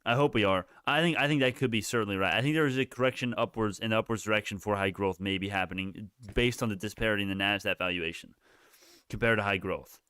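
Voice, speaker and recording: A man's voice: lowish voice, fast talker, bright, forceful tone, clear, resonant tone, dry recording, clean studio sound. Rambling man calling live stock moves. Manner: rambling, self-correcting, profane. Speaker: livestream stock market host. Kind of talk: live market commentary.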